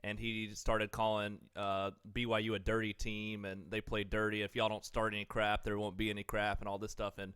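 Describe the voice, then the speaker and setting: A man's voice: lowish voice, monotone, a little fast, few pauses, a bit bright, clear, resonant tone, no room sound. A man, co-hosting a casual sports podcast and talking in a rambling way with many fillers. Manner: rambling, filler-heavy, eating while talking. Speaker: podcast co-host.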